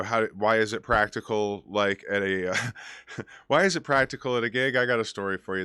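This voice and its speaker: A man's voice: on the low side, pushed and bright, clear, resonant tone, no room sound, studio quality. A man hosting a casual music show, giving advice and telling stories in a rambling way with lots of fillers. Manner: rambling, many fillers and restarts. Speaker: DJ and show host. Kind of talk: casual chat advice and storytelling.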